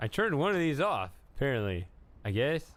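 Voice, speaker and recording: A man's voice: mid-range voice, big pitch swings, brisk. A man live-streaming a video game, musing aloud in a casual, rambling way.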